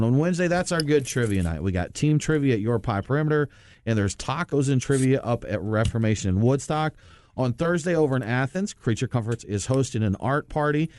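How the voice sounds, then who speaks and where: Male co-host, mid-pitched voice, relaxed calendar rundown, dry studio mic. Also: no room sound. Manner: easygoing event-listing delivery. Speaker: podcast co-host. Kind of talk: casual radio show chat.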